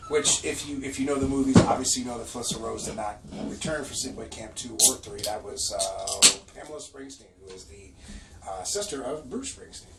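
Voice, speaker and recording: Gravelly and mid-range, this male podcast co-host talks a little fast, trading foul-mouthed, lively stories and breaking into frequent laughter during casual chat. The audio is distant and echoey, with a faint hiss.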